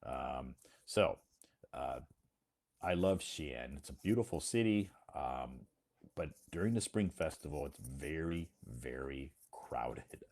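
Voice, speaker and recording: An American man speaks in a very deep voice. He hosts a casual, friendly chat, slowing down and repeating things back so the other person can follow. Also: lively intonation, darkish tone. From United States. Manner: friendly, slow and encouraging, repeats to clarify. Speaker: host.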